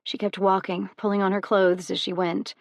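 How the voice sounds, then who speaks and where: A woman narrating an audiobook in a steady, even storytelling manner. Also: mid-range voice, normal speed, gravelly, dry recording, studio quality. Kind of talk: scripted narration.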